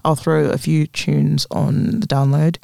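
A man's voice: fairly high pitch, little pitch movement, measured pace, gravelly, dark tone, no room sound. A laid-back man talks through new music tracks. His speech wanders, full of ums and yeah-no fillers. The mic is close and dry with no room sound. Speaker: podcast co-host. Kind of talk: casual music chat.

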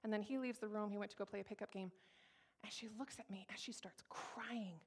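A woman's voice: medium pitch, fairly even intonation, a little fast, husky. A woman in her thirties from Colorado, giving a candid, emphatic personal testimony to an audience and repeating her key phrases. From Colorado, USA. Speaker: speaker sharing her testimony.

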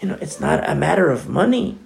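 Male pastor, conversational sermon, earnest and chatty, moves between hushed and emphatic delivery. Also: a little high, very animated, brisk, creaky. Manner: earnest, chatty, frequent "you know" asides.

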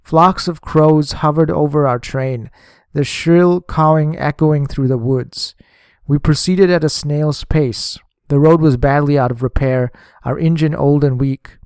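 Measured male audiobook narrator. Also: a little high, steady tone, a little mellow, clear, resonant tone, dry recording, clean studio sound. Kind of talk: first-person diary narration.

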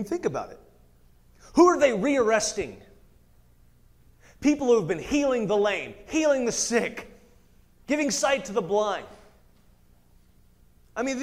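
High-voiced man teaching scripture casually. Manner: conversational, laughs often, reads scripture aloud with asides. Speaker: Bible teacher. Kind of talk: casual Bible study teaching.

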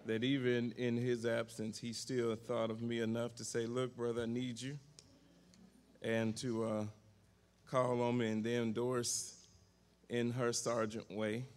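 A man's voice: mid-range voice, level tone, unhurried, a little mellow. A man preaching as a guest, talking to the congregation as family in a folksy, self-joking way. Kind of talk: warm church greeting before a sermon.

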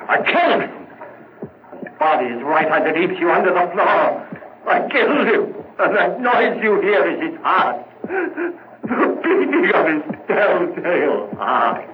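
A man's voice: medium pitch, lightly acted. A man playing a frantic stammering murderer. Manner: stammering, rising to hysterical. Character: frantic guilt-ridden male murderer, nervous. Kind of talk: 1940s radio acting. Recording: muffled old radio broadcast, hiss.

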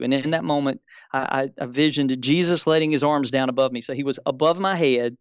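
A man in his fifties, appearing as a debate guest, recounts a personal religious experience earnestly, searching for words and repeating key phrases. His mid-range voice is clean in tone and a little fast, on a dry recording.

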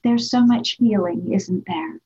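Affirming woman host, husky voice. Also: mid-range voice, measured pace. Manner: warmly affirming, reflective. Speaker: interview host. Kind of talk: interview conversation. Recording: dull lo-fi sound.

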